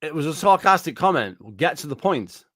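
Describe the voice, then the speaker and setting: Male reaction host, slightly high voice, dry close sound; swears constantly and circles back over the same complaint. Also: lively intonation, fairly quick, a bit bright, no echo. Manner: profane, indignant, repeats himself. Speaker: gaming YouTuber reacting to a response video. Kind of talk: angry reaction rant.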